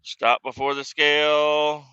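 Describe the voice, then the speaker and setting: A man's voice: a little high, level tone, slow pace, pushed and bright, smooth, no room sound. A man in his thirties streaming a trucking game, chatting casually and telling rambling, profane stories. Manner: rambling, profane, laid-back. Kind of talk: casual gameplay chat and storytelling. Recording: slightly muffled dry mic.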